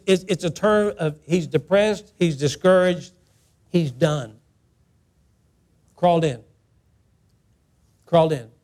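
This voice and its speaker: A man's voice: high voice, darkish tone. A middle-aged male pastor preaching a sermon in church, emphatic and repetitive, acting out the quotes as he speaks. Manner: emphatic, repeats phrases, acts out quotes.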